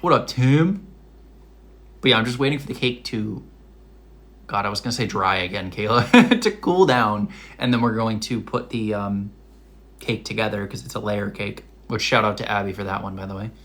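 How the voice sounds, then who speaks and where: Young man, Rhode Island accent, chatty live-stream host, bright tone. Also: lowish voice, fairly quick. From Massachusetts. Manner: chatty, many likes and fillers. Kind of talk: casual live stream chat. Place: home kitchen.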